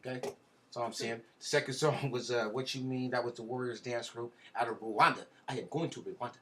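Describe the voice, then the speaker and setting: A man hosts a casual live-stream podcast. He talks in a loose, slangy, joking way, mid-pitched and relaxed. Faint background noise runs under his voice. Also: fairly quick, reverberant, distant mic. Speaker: podcast host.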